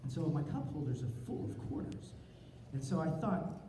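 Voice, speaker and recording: A man telling a comic story at a convention panel, animated and self-mocking, acting out his own inner thoughts. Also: fairly high pitch, moderate pace. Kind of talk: comic storytelling to a live audience. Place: large convention hall. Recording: roomy hall from far off, crowd noise. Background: audience laughter and murmur.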